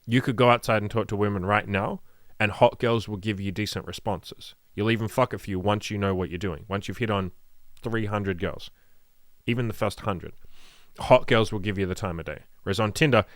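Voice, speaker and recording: A man's voice: on the low side, a bit bright, dry recording, studio quality. Blunt, profane man giving dating advice. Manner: blunt and profane, rambling with frequent "like"; frank, matter-of-fact delivery. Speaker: dating coach. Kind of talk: casual advice monologue.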